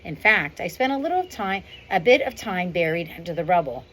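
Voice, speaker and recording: A woman's voice: fairly low pitch, big pitch swings, a little fast, a bit bright. A woman reading aloud as a proud, dry-humored male silverback gorilla narrating his storybook life, outdoors on a windy day. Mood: wry. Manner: wry, understated storybook narration.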